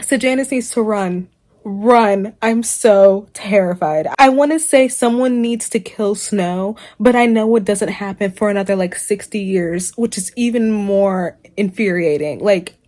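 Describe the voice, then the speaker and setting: A young woman vlogging her reaction to a book, ranting in an animated, exasperated way and laughing often. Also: mid-range voice, measured pace. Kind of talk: casual reaction vlog.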